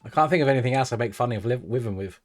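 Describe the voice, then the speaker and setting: A male streamer bantering on a live stream, loose and jokey, with crude humour. His voice sits at a middle pitch over faint background music. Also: very fast. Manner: joking, swearing, laughing between lines. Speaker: livestreamer host.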